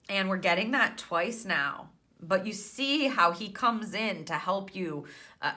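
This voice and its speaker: A woman's voice: on the low side, sharp tone. A woman giving a tarot reading to camera, enthusiastic and chatty, often exclaiming and laughing. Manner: chatty, with many restarts and fillers. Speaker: tarot card reader.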